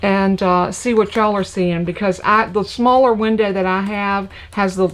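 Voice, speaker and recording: A woman's voice: medium pitch, fairly even intonation, normal speed. An older woman with a Southern US accent hosting a live crafting stream in a folksy, chatty way, greeting viewers by name. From United States. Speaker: crafting channel host. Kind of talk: casual live-stream chat.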